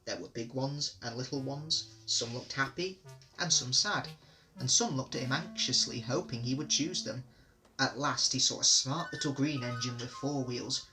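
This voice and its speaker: A man reading children's railway stories aloud in steady, clear narration. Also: mid-range voice, normal speed, soft background music, rough recording. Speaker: reader. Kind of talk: storybook reading.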